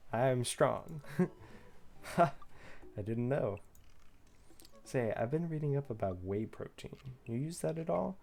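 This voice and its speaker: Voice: medium pitch, expressive, measured pace, creaky, pauses often, a little mellow. A game streamer voicing a cheerful, dopey, sporty adult man in a video game voice-over.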